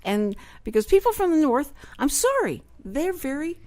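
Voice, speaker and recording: A woman hosting a radio talk show, chatty and quick to laugh as she tells stories. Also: high-pitched, sing-song, darkish tone. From Texas. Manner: chatty storyteller, laughs often.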